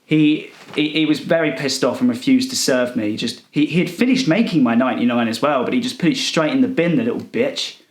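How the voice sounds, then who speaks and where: A young man telling a rambling, self-righteous comic story in a deadpan, indignant manner. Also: medium pitch, fairly quick, hardly any pauses, a little hiss or hum. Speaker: comedic character monologue performer.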